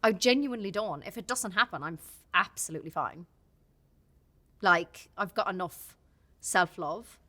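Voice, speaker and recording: A woman's voice: on the low side, animated, moderate pace, sharp tone. An Irish woman talking openly and with feeling as a podcast guest, often restarting her sentences. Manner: open and heartfelt, many restarts. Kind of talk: candid casual chat.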